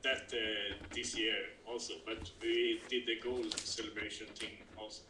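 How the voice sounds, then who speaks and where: A man with a Swedish accent, interviewed over a video call, speaking in a halting way with many fillers and restarts. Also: fairly low pitch, level tone. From Sweden. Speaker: interview guest, kubb player. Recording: roomy call audio with faint noise.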